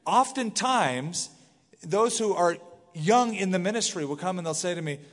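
A middle-aged man preaches to a congregation, his voice sitting a little high. He reads the scripture and breaks off into casual, animated asides. The sound carries a long reverb from the sanctuary. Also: moderate pace, soft background music. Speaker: pastor. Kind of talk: verse-by-verse sermon. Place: church sanctuary.

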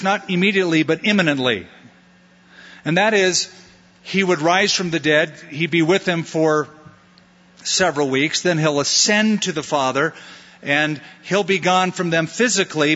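Pastor, male, bright and forceful voice, lively sermon delivery, dull lo-fi sound. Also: fairly high pitch, long reverb tail. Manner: conversational, acts out disciples' lines with playful put-on voices. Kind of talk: expository sermon.

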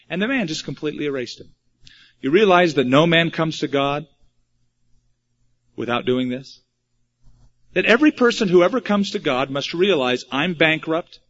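A pastor preaching an expository sermon and reading scripture, with wry asides. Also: male voice, fairly high pitch, fairly bright tone. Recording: dull lo-fi recording.

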